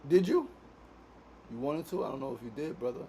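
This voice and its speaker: Brisk and warm, this medium-pitched man's voice is expressive, with slight background noise behind it. He's a podcast host from Queens, New York running a relaxed daily studio show, and he swears freely while constantly adding "right?" to what he says.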